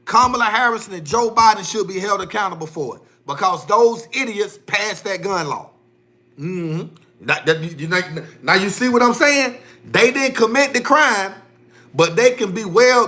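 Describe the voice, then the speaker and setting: A man's voice: high voice, sharp tone. A man hosting his own livestream, ranting heatedly in loose slangy speech and repeating himself. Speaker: livestream host. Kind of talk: casual livestream rant.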